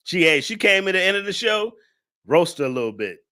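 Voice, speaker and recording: A man's voice: sits high, very animated, a little fast, bright, forceful tone. A man hosting a live stream, laughing as he roasts a viewer in loose, slangy casual talk. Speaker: live-stream show host.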